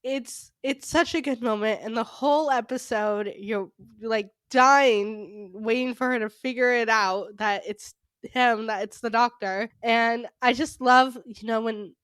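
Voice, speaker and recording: A woman's voice: a little high, steady tone, a little slow, fairly bright tone, clear, resonant tone, dry recording. A woman co-hosting a casual fan podcast, gushing and rambling with enthusiasm about favorite moments. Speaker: podcast co-host.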